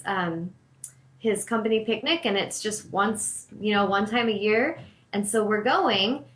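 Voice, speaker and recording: A woman's voice: on the high side, a bit bright, reverberant. A middle-aged woman hosting her own talk show as an intuitive healer, telling a personal story in an earnest, reflective way.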